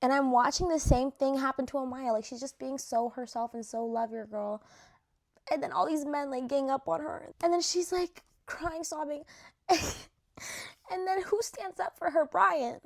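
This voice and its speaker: Young woman rambling about her faves, kinda high voice, says like a lot, voice a bit shot. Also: fairly even intonation, normal speed. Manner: gushing, chatty, heavy use of "like", swearing. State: losing her voice. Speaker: vlogger ranking reality show cast. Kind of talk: casual chat.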